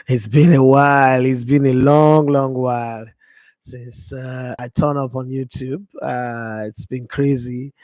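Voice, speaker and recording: A man, his voice worn hoarse, talks on a livestream from home. He rambles and repeats himself with excitement, at a middle pitch. The sound is dry and close. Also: slow, no room sound. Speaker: football fan streamer. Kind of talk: casual live-stream chat.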